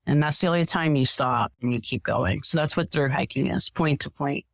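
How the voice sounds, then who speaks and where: A woman guest on a podcast telling stories in a casual, animated way, acting out what people said. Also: deep voice, normal speed, no room sound. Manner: animated, acts out quoted voices. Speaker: podcast guest, professional hiker. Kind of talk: casual storytelling.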